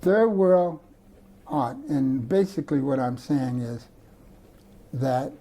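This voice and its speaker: A faint hiss or hum accompanies this older artist's mellow, mid-range voice, which is animated yet slow. Interviewed for an oral history indoors among his artworks, he tells rambling, digressive stories and restarts frequently.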